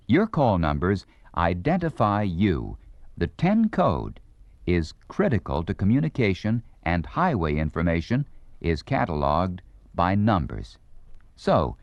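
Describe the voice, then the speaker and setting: A man giving scripted instructional narration in a clear, deliberate, carefully enunciated manner. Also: sits low, no echo. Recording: dull lo-fi 1970s vinyl record.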